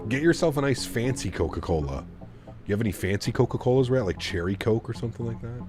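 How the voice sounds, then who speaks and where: A man's voice: medium pitch, lively intonation, fast, over music. A man chatting casually on a live stream, rambling and reading viewer messages aloud. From Canada. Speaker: flight sim streamer.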